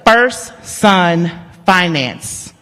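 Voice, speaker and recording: A woman, an award honoree giving an animated, humorous storytelling speech that talks straight to the audience. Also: fairly low pitch, very slow. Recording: long hall reverb.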